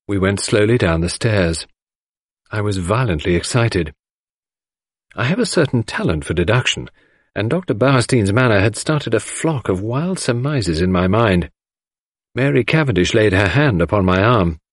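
A man narrates a storybook in a measured, expressive reading. His voice is low, and his pitch rises and falls a lot. The recording is dry and close to the mic. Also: no room sound. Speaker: audiobook narrator. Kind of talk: scripted narration.

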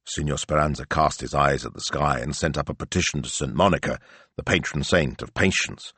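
A man reading a novel aloud as an audiobook narrator, telling it in measured storytelling. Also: very deep voice, fairly bright tone, slightly rough, dry recording. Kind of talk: scripted narration.

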